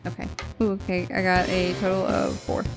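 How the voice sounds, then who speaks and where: A woman with a fairly low voice plays in a tabletop game. She is playful and laughs often as she describes her character's actions. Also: completely flat delivery, brisk, over music. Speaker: player.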